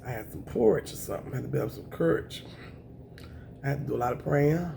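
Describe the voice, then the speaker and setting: A woman, chatting to camera on her eating show, emotional and thankful, with a voice that is raspy at times. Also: extremely low pitch, animated, fast, noisy background. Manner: emotional, thankful, says y'all often. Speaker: mukbang vlogger.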